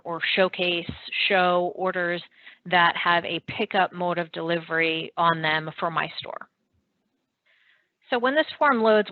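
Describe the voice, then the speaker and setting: A woman presenting a software product demo, explaining features step by step in a steady way with some fillers. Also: lowish voice, dry recording, narrow, tinny audio.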